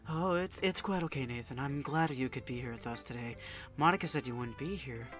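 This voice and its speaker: A man voicing a shy, timid, polite teenage schoolgirl in a visual novel game, speaking hesitantly and slowly, with a stuffy nose from sinuses. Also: medium pitch, faint music behind, close to an everyday voice. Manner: hesitant, soft-spoken, slow.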